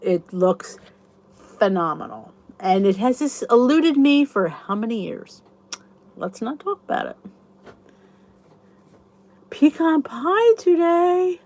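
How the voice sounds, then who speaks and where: A woman's voice: fairly high pitch, big pitch swings, slow pace, long pauses, a little mellow. A middle-aged woman hosting her channel, chatting casually and enthusiastically to viewers in a rambling way. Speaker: YouTube channel host.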